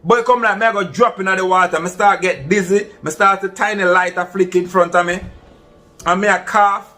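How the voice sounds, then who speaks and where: High-voiced Jamaican man telling a story. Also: steady tone, brisk, sharp tone. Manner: earnest, addresses listeners as "my people". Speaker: vlogger. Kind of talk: casual first-person storytelling.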